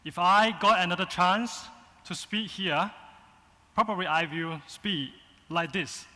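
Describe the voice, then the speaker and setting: A man from China with a Chinese accent, giving a conference keynote in short, halting phrases with fillers. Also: high voice, pushed and bright. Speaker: agency founder, keynote speaker. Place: large conference hall. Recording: long reverb in a conference hall.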